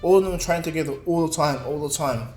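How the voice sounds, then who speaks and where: A man casually narrating a fan-made story, rambling and filling gaps with ums. His voice sits a bit high for a man. The recording is roomy, with soft music underneath. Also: quick pace. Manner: rambling, filler-heavy, self-correcting. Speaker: video creator. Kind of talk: casual fan-fiction retelling.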